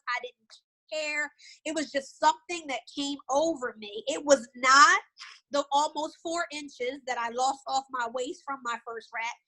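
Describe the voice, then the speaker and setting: A middle-aged woman telling a story on a video call, animated and repeating herself. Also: high-pitched, poor audio. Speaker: guest. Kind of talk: casual video call chat.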